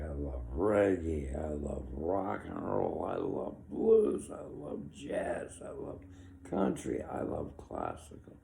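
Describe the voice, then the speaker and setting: A man's voice: deep voice, gravelly, dark tone, slight background noise. A man in his sixties giving an opinionated, rambling monologue, with chuckles between his complaints. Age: 60s.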